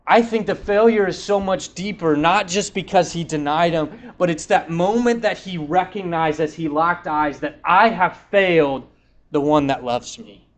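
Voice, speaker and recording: Casual preacher man, slightly high voice. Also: moderate pace. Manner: retells scripture in a casual, conversational way, acting out quotes. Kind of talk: sermon.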